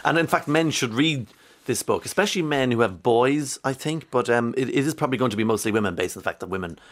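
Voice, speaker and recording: A man hosting a radio interview, brisk and chatty with wry asides. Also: medium pitch, expressive. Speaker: radio host.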